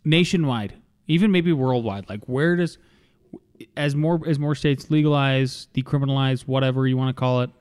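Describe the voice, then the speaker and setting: A man's voice: mid-range voice, normal speed, a little mellow, clear, resonant tone. A man hosting a casual podcast conversation, curious and asking follow-up questions. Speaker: podcast host.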